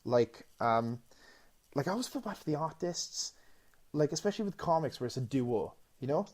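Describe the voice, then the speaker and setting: A man co-hosting a casual podcast chat, animated and excitable, stumbling over restarts as he retells movie scenes. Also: a little high, moderate pace, background noise. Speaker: podcast co-host.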